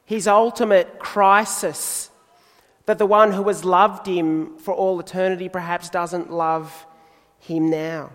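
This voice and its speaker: A man preaching a sermon in a measured, deliberate way, pausing for emphasis. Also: sits high, steady tone, fairly bright tone, in a large hall.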